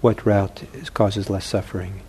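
A man teaching meditation who answers questions from the audience in a calm, gently humorous way and thinks aloud as he talks. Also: on the low side, a little slow, husky.

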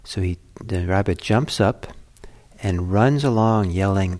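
A man telling a Buddhist parable in a talk, unhurried and conversational. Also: sits low, darkish tone. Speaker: Buddhist teacher.

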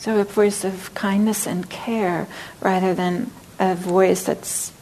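A woman meditation teacher giving a dharma talk, speaking gently and reflectively, sometimes dropping to a soft near-whisper. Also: medium pitch, level tone, slow, few pauses, a little hiss or hum, poor audio.

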